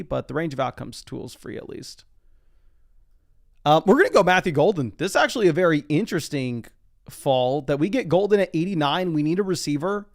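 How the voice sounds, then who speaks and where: A young man talks through a live stream from his desk in a loose, chatty way, reading viewer comments aloud as he goes. His voice sits a little high and carries a steady gravelly fry. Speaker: fantasy football live streamer. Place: home desk.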